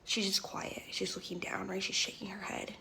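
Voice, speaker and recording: A woman's voice: medium pitch, little pitch movement, normal speed, vocal fry, bright, forceful tone, in a whisper. A woman in her twenties telling a dramatic story in a chatty vlog, often tagging her lines with "right?" and "okay?". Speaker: vlogger.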